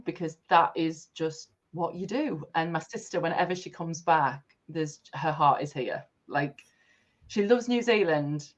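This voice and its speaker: A woman's voice: sits low, highs cut off. A woman from the North East of England, telling stories as a guest in a podcast interview.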